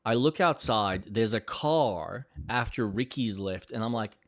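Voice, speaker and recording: A man's voice: medium pitch, unhurried, no echo, clean studio sound. A young man co-hosting a casual chat stream, swearing freely and acting out the people in his stories. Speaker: podcast co-host.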